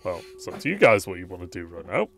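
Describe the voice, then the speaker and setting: A man's voice: low-pitched, sing-song, fast, soft background music. A man narrating and running a tabletop game as game master, in a casual manner, swearing freely.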